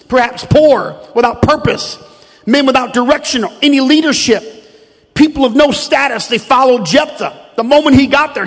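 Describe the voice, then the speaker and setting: A man preaching a sermon, with rhythmic, emphatic delivery that builds to shouts. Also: high-pitched. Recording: long reverb of a large hall.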